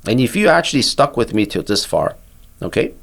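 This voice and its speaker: An older man, a physician, guiding a listener through a body-awareness exercise in a calm, patient, instructive way. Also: mid-range voice, fairly quick, vocal fry. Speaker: physician and therapist guest. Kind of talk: guiding a mindfulness exercise in conversation.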